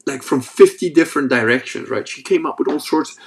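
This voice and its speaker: A man's voice: on the high side, a little fast, few pauses. A man hosting a podcast, telling stories in a casual monologue. He rambles and swears, with lots of fillers. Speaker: podcast host.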